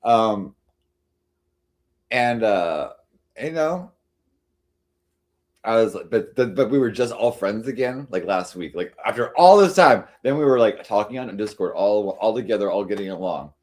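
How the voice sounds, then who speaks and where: A man's voice: on the low side, lively intonation, unhurried, pauses often, darkish tone. A man hosting a livestream, chatting casually and rambling with many fillers and restarts. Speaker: livestream host. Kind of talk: casual chat to a live audience.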